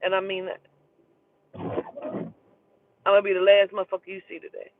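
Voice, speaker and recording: A woman's voice: medium pitch, completely flat delivery, racing, a little hiss or hum. Woman, vlogger, heated storytelling, profane, emphatic, tinny phone-like audio.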